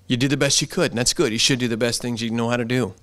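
A pastor delivers a sermon in church, his middle-pitched voice slightly bright. He speaks earnestly and conversationally, returning to the same phrases over and over.

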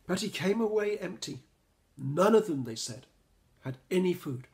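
Children's author reading aloud: slow, expressive male storyteller, warm and animated. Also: sits high. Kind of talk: reading a picture book aloud.

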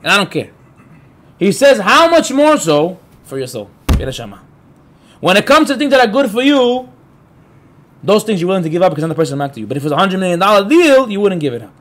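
This Torah class to a live audience is led by a spirited rabbi whose voice runs high for a man and rises and falls widely. Storytelling is his strength: he impersonates the people involved and regularly turns to the room with brief questions.

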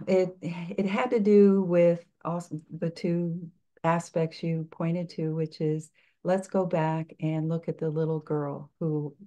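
An older woman speaking coach answering interview questions in a reflective, halting way, with frequent restarts. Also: low voice, dark tone.

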